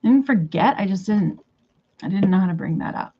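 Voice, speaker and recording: A woman's voice: mid-range voice, expressive, a little fast, slight background noise. Woman baby-talking to her bird, lo-fi. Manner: coos baby talk at her bird, swears casually. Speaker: vlogger. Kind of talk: casual chat to her pet bird.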